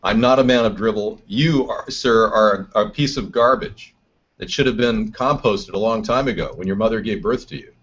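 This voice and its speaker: A man's voice: on the low side, normal speed, a bit bright, slightly rough. A man hosting a live political chat show, reading chat comments aloud and answering them combatively. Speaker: host. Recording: dull lo-fi stream audio.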